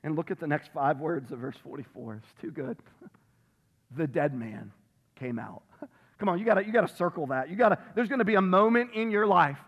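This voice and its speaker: A man's voice: sits high, animated, quick pace, highs cut off. A man preaching a sermon as pastor, emphatic, repeating phrases for stress and reading scripture aloud. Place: church sanctuary. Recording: long reverb of a large hall.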